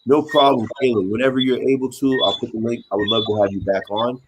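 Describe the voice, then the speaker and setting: A man hosting a casual live stream, reading out chat comments and chatting with a guest in an animated way that repeats itself. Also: medium pitch, quick pace. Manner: animated, repeats himself, asks viewers for help. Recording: loud background noise.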